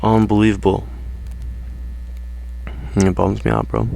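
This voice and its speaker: A man's voice: lowish voice, flat delivery, measured pace, vocal fry, dark tone, a little hiss or hum. A man ranting casually to his viewers in slangy, profane talk, saying "bro" constantly. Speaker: vlogger. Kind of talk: casual rant to camera.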